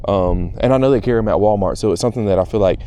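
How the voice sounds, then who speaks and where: A man chatting casually and excitedly to viewers outdoors by a pond while fishing. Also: lowish voice, very fast, smooth. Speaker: fishing vlogger. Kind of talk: casual on-the-water vlog chat.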